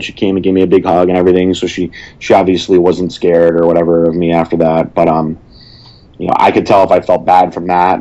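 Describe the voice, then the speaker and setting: A man with a very low voice talks plainly and sternly in a casual chat, hesitating with fillers along the way. The audio is dull and lo-fi. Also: warm tone. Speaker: guest.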